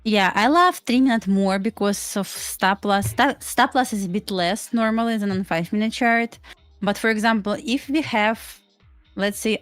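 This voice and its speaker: A woman trader on a live stream, explaining her methods in short, simple phrases. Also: mid-range voice. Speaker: trader guest. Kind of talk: casual live-stream chat.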